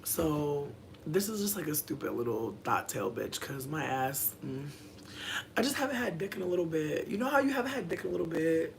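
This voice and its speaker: A young adult content creator tells a loose, profane story during a casual livestream. The voice is mid-range, creaky, fairly quick, and lively in intonation, wandering through fillers and between the story and viewer comments over a faint hiss.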